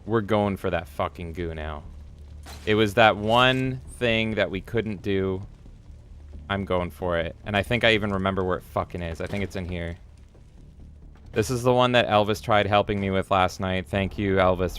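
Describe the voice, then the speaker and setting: A man's voice: low voice, moderate pace, fairly bright tone, a little hiss or hum. A man streaming a video game, chatting casually and playfully with swearing while reading viewer comments aloud. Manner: playful, profane, reads chat aloud. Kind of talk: casual live-stream chat.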